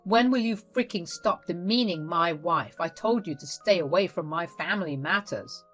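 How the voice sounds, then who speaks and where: A woman's voice: on the low side, moderate pace, soft background music, lightly acted. A woman voicing an angry young husband scolding his mother. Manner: indignant, scolding.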